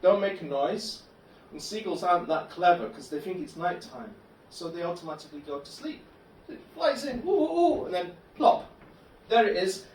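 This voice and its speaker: A male stand-up comedian, telling absurd tales in a deadpan way. His voice sits fairly high. It rings around a roomy club space, caught from a distant mic. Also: moderate pace, few pauses, a little hiss or hum. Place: comedy club bar room.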